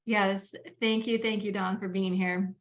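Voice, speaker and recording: A woman's voice: mid-range voice, little pitch movement, a little slow, a little hiss or hum. A woman with a mid-range voice hosts a webinar over a video call. She introduces speakers chattily, with an easy, friendly flow broken by many "um" fillers. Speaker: webinar host. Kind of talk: hosting a webinar.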